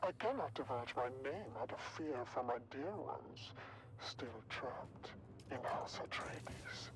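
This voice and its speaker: An actor playing a secretive male defector who broadcasts insinuating propaganda in a video game, speaking in a pompous, measured way. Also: mid-range voice, lively intonation, background noise. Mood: ominous.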